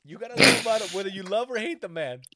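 A man's voice: sits high, lively intonation, very fast, heavy background noise. A man in casual talk, telling a story animatedly, swearing often and acting out the quotes. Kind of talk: casual podcast chat.

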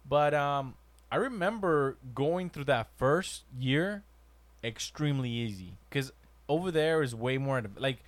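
Relaxed man from Mexico, casual chat. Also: mid-range voice, measured pace, no room sound.

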